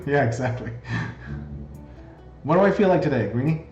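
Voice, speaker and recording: A man's voice: medium pitch, animated, fairly quick, a little mellow. Casting: male game streamer, chatty and jokey, roomy and slightly dull mic, faint music behind. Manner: chatty, jokey, reads game text aloud. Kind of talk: casual game commentary, reading dialogue aloud.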